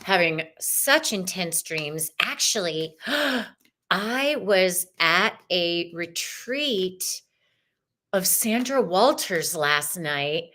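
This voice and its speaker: A woman's voice: on the low side, expressive, very slow, pushed and bright. A woman hosting a live-stream tarot and astrology show, chatting casually and bubbly, greeting viewers by name.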